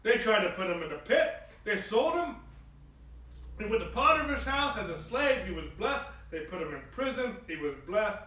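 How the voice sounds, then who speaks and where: A man preaching a sermon, swinging from emphatic peaks to low, soft lines and often asking "okay?" of his listeners. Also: big pitch swings, moderate pace, roomy sound, far from the mic, low-quality recording. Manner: repeats phrases, asks the congregation "okay?".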